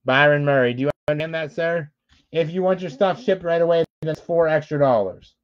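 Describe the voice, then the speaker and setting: A man's voice: a little high, fairly quick, smooth. A man hosting a live-streamed card break, calling out player names as he opens packs and explaining the shipping rules to viewers, admitting he is frustrated. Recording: dull lo-fi dry sound.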